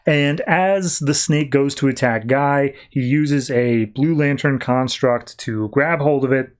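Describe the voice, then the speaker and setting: A man's voice: medium pitch, slow. A man hosting a podcast and walking through a comic's plot in a loose, chatty way. He leans on fillers and acts out bits of the dialogue as he goes. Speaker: podcast host. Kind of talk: casual comic book recap.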